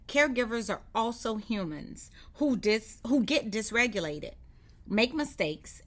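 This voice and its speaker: A woman giving calm, measured, scripted voiceover narration for a training course. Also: medium pitch. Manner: calm, measured instructional delivery. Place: studio voiceover.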